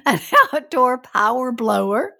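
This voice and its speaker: An older woman chats gently with her grown son and laughs often. Her voice is husky and slightly higher than average, and she speaks slowly. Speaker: parent. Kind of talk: casual chat.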